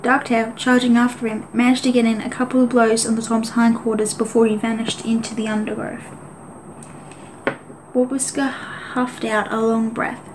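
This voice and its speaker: A woman reading a children's animal adventure novel aloud as an audiobook, in a steady, even voice. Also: fairly high pitch, moderate pace, noisy background. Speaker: audiobook reader. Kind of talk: audiobook narration.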